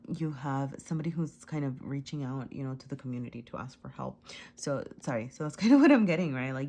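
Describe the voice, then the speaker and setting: Tarot reader, woman, deep low voice, loose and rambling, laughs and apologizes a lot. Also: a little mellow. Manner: rambling, heavy on fillers and "right?". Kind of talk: casual tarot reading. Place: at home with a cat.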